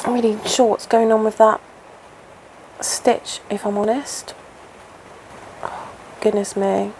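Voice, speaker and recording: A woman in her thirties hosting a relaxed stitch-along chat at home, rambling and interrupting herself as she works. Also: mid-range voice, takes it slowly, slight background noise. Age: 30s. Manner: chatty, rambling, self-interrupting. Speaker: crafting channel host. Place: home, indoors.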